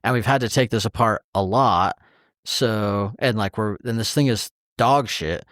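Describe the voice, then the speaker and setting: A man's voice: on the low side, measured pace, a bit bright, dry recording, studio quality. A man co-hosting a podcast in casual chat, telling an exasperated story with heavy swearing and acting out the quoted exchanges. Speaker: podcast co-host.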